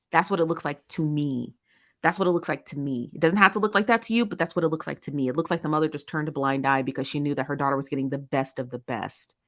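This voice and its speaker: A woman's voice: low voice, fairly bright tone. A woman hosting a casual commentary show, reading viewer comments and making her points emphatically, often repeating herself and checking in with "okay?" and "right?".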